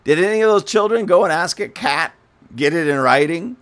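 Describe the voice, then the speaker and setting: A male commentator rants with open scorn and heavy sarcasm. His voice sits a bit high and swings widely in pitch. He addresses listeners directly and indignantly. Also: expressive, brisk, fairly bright tone. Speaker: political commentator.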